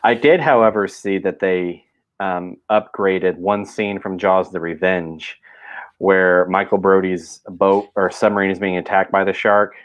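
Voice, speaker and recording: Podcast host, man, low voice, rambling casual talk, muffled lo-fi recording. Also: steady tone, a little slow. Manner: rambling, full of fillers and restarts. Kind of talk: casual chat.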